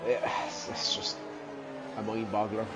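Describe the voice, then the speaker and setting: A man's voice: on the low side, measured pace, loud music behind the voice. A man commentating a live sim race, thinking aloud with many restarts and trailing sentences.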